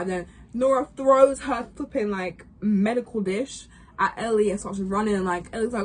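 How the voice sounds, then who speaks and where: A young woman in casual chat, rambling through a game recap with lots of fillers and quick asides. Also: mid-range voice. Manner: rambling, full of fillers and acted quotes. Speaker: gaming vlogger recapping a game.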